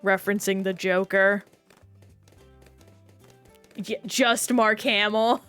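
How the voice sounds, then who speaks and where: Slow-talking woman streamer. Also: mid-range voice, fairly even intonation, fairly bright tone, smooth, soft background music. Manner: chatty, rambling, reacts to game and chat. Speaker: game streamer. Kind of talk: casual live-stream chat while gaming.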